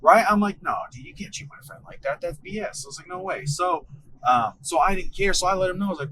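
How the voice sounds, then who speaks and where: A man in his thirties telling a story in casual chat, animated and swearing freely, acting out what his bosses said. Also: high-pitched, fast, slight background noise, low-quality recording. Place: car.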